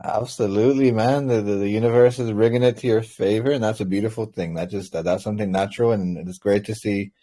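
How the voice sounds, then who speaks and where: Easygoing rambling man, low voice. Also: steady tone, fast, few pauses, warm tone. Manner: easygoing, rambling, repeats words. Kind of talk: casual chat.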